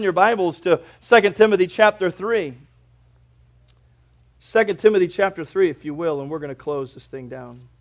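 Preaching from the pulpit, a middle-aged male pastor alternates between booming emphasis and soft, low moments. When quoting scripture, he slows way down and stretches the words.

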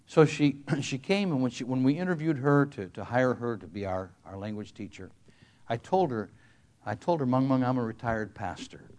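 A man's voice: medium pitch, lively intonation, normal speed, a little mellow. An older man, a retired pastor, telling a story in a sermon, earnest and emphatic with frequent restarts.

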